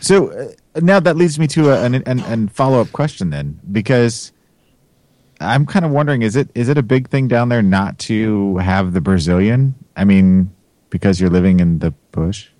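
A man's voice: lowish voice, lively intonation, normal speed, warm tone, no echo. A man hosting a podcast, chatting in a playful, teasing way and asking lots of questions. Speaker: podcast host. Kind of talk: casual comedic podcast chat.

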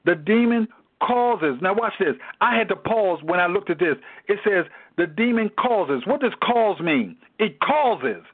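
A man teaches scripture in a preaching style, pressing his points with emphatic repetition. His voice sits fairly high and sounds husky. It comes through a tinny, phone-like line. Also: animated, unhurried. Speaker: Bible study teacher. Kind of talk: preaching-style Bible study.

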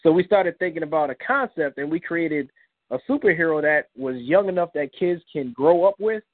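A man's voice: lively intonation, normal speed, dry recording. Earnest man telling a story over a phone line. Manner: earnest, acts out quoted dialogue with rising pitch. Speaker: guest, comic book creator. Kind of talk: emotional personal storytelling in an interview. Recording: dry phone-line call-in audio.

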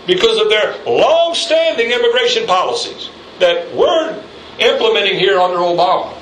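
A man's voice: high voice, sing-song, moderate pace, fairly bright tone, distant mic, slight background noise. A man preaching a fiery sermon as pastor, rising in intensity and calling on the congregation for amens. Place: church sanctuary. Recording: echoey church, mic from afar.

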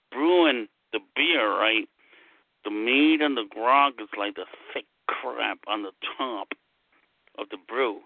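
A man's voice: mid-range voice, dry recording, phone-quality sound. A man chatting on an online group call, rambling and joking with the others. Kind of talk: casual group chat.

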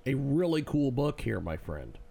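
Gravelly, lively male interview host. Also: mid-range voice, moderate pace. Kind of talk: casual interview talk.

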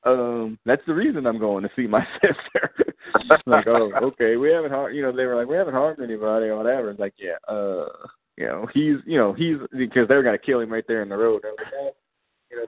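A man's voice: medium pitch, fast, dry recording. A man co-hosting a podcast, casually recapping episodes and acting out characters' lines in slang. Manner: laid-back, acts out characters' lines in slang. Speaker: podcast co-host. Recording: tinny phone-like line.

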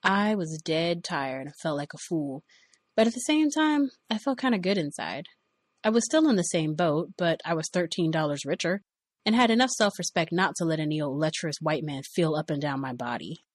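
A woman reading aloud from an autobiography in a measured, expressive storytelling manner. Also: low-pitched, no echo, studio quality. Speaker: reader.

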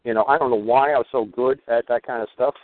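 A man's voice: mid-range voice, fairly even intonation, quick pace, dry recording. A man hosting a call-in show, talking in a rambling, emphatic and blunt way. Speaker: radio show host. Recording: dry tinny phone-line sound.

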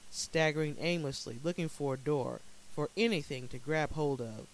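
Higher-voiced man narrating a dark story. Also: rough recording. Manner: dramatic, measured storytelling.

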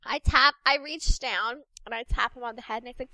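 A woman's voice: on the high side, a little fast, hardly any pauses, pushed and bright, dry recording, poor audio. A woman playing a tabletop game, playful and perky. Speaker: player. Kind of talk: casual tabletop play.

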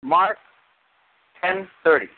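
A man preaching a sermon as pastor, animated, with sudden high exclamations. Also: slow. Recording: tinny phone-like sound.

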